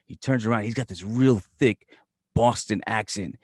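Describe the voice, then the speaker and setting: A man's voice: fairly low pitch, moderate pace, breathy edge, no room sound, studio quality. A man with a Brooklyn accent co-hosting a podcast, telling stories casually with lots of swearing. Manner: profane, animated storyteller. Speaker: podcast co-host. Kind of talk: casual storytelling chat.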